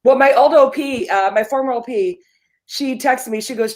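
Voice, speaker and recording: A woman's voice: high voice, normal speed, darkish tone. A woman co-hosting a live morning show, telling playful stories in casual banter. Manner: playful, giggly storyteller.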